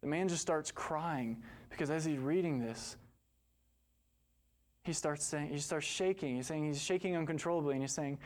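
A man's voice: a little high, normal speed, a little mellow. A man preaching a sermon, telling a story earnestly and rising to impassioned emphasis before leading a prayer. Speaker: pastor.

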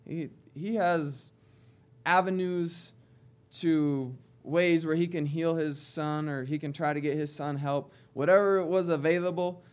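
A man preaching a sermon in a conversational way, moving between quiet asides and emphatic readings. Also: fairly high pitch.

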